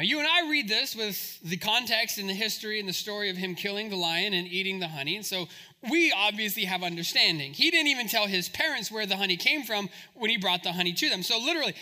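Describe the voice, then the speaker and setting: High, bright-voiced male preacher. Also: animated, a little fast. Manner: humorous, conversational asides to the congregation. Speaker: pastor. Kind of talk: sermon.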